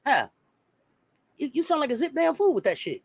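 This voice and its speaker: A man's voice: very high-pitched, sing-song, quick pace, creaky, darkish tone, no echo. A man in a heated sports talk rant, blunt and profane, firing off rhetorical questions. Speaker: sports commentator.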